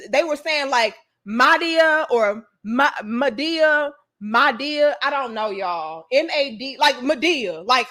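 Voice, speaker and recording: A young woman with a high, bright voice, chatting straight to her viewers. She tells her story in a loose, animated way, swears freely, and keeps calling them y'all. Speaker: vlogger.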